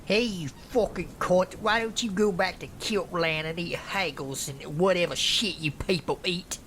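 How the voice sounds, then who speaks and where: A man voicing a drunk, aggressive young man who taunts and shouts abuse. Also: fairly high pitch, lively intonation, takes it slowly, a little hiss or hum, voice pushed up. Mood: raging.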